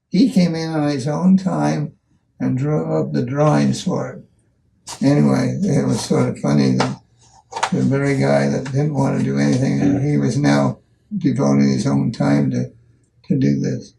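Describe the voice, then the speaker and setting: An older man in an interview, telling stories from his career slowly, with many restarts and pauses. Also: medium pitch, fairly even intonation, gravelly, dark tone, recorded from a distance, slight background noise, poor audio. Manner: slow, halting storyteller with many restarts. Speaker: value engineering pioneer. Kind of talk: recollecting in an interview.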